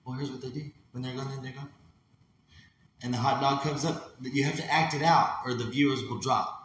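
A man's voice: mid-range voice, steady tone, brisk, a bit bright. A man ranting in a heated, profane way, acting out voices as he tells it. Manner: heated, swearing, acts out voices. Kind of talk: profane casual rant. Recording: very echoey room with faint noise.

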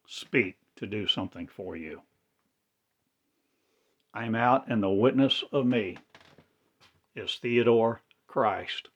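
A man's voice: fairly low pitch, muffled recording. A man delivering a rambling religious monologue in cryptic, incantatory, broken phrases. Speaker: self-styled religious speaker.

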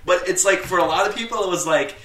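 Man rambling in casual movie chat, bright voice, echoey room, a little off mic. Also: high voice, fast, far from the mic. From Minnesota. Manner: rambling, laughs often, many fillers. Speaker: podcast co-host.

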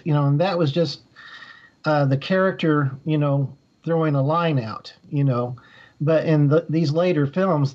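A man's voice: a little high, a little mellow. A man talks through a long answer in a slightly raised voice, full of ums, uhs and restarts. His sound is a bit dull and muffled. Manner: rambling, many fillers and restarts. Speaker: author guest. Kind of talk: conversational interview.

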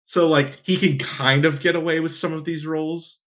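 A man co-hosting a casual talk show, recapping in a relaxed way and chuckling often. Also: a little high, moderate pace. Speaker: podcast co-host. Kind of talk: casual chat.

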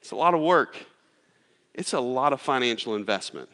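Bright-voiced pastor in a reverberant hall. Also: male voice, mid-range voice, animated, moderate pace. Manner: casual, storytelling with lots of fillers. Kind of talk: sermon. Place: church sanctuary.

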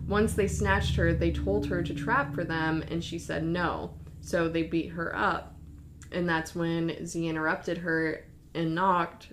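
A young woman casually retelling a true story to a friend, acting out the quoted lines in livelier, higher voices. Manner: lively, acts out quoted lines with raised pitch.

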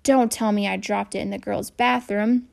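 A woman's voice: medium pitch, steady tone, moderate pace, vocal fry, darkish tone. A woman voicing a nervous new schoolboy who talks earnestly and gets flustered, in a children's audiobook. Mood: distraught. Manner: earnest, flustered, voice raised a little.

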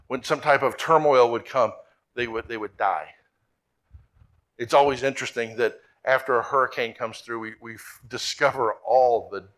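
A man's voice: mid-range voice, fairly bright tone. A male pastor preaching a sermon with earnest, repetitive emphasis that climbs to emphatic peaks. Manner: earnest, repeats himself, rising to emphatic peaks.

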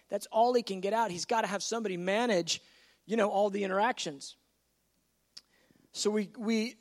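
A man preaching a sermon, telling a story in an animated way and acting out the voices of the people in it. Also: high voice, long reverb tail. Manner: animated, acts out voices in stories.

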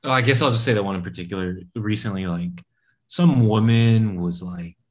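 A man with a fairly low voice chats casually as a co-host. He tells rambling stories and acts out each quoted voice, with big jumps up in pitch. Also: normal speed. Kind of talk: casual chat.

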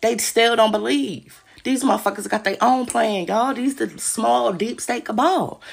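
Gravelly-voiced woman ranting, profane and agitated. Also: on the high side, a little slow, slight background noise. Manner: agitated, profane, repeats herself. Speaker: podcast host. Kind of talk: casual monologue to listeners. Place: home.

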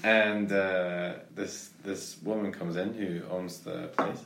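A man's voice: deep voice, fairly even intonation, slow, gravelly, fairly bright tone, echoey room, slight background noise. A man casually chatting and telling a rambling anecdote, full of restarts and fillers.

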